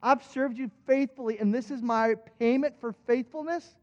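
A man voicing a panicked young male servant who complains to God in a high, frantic voice. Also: steady tone, moderate pace. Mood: aggrieved. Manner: high-pitched frantic shouting. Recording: dull recording with long hall reverb.

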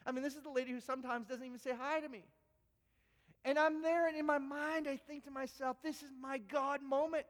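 A middle-aged male pastor from Canada preaching a sermon to his church, telling stories with lively energy and stumbling over repeated words. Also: extremely high pitch, fast talker, long reverb tail. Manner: animated storytelling with frequent repeated words. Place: church sanctuary.

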